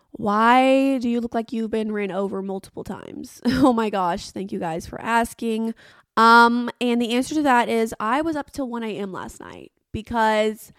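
A woman's voice: a little high, clear, resonant tone, no room sound, studio quality. A woman, hosting her podcast in a rambling, self-mocking, dramatic chat. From Arkansas. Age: 20s. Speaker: podcast host. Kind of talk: casual solo podcast chat.

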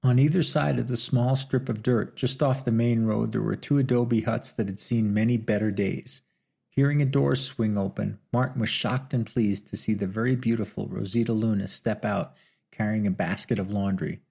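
A man's voice: lowish voice, steady tone, normal speed, vocal fry, mellow, slightly rough. A man reading a novel aloud as audiobook narration, in a dry, wry storytelling manner. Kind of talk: scripted narration.

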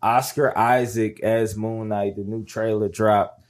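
A man's voice: on the low side, little pitch movement, measured pace. Laid-back man hosting a casual chat. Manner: laid-back, slangy, steers topics. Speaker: podcast co-host.

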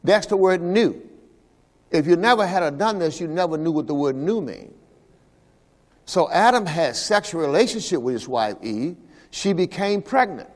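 The pastor's voice is high with a darkish tone, echoing with a long reverb tail as he preaches at a church service. He calls for congregational responses, saying "all right" repeatedly.

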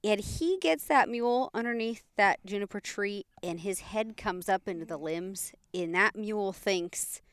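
A woman telling a story in casual chat, animated and laughing often, with playful sound effects. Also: mid-range voice, a little slow, few pauses, clear, resonant tone, dry recording.

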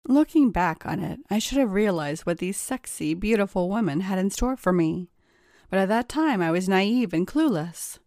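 A woman reads a first-person story aloud in a steady, confessional tone, at a middle pitch. She is close to the mic, and the sound is dry, with no room echo. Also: moderate pace. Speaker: story reader. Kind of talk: scripted first-person narration.

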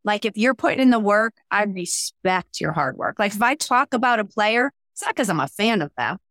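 Animated woman coach, dry close sound. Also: medium pitch, moderate pace, dry recording. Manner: animated, acts out quoted voices. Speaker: mental skills coach. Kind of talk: casual interview talk.

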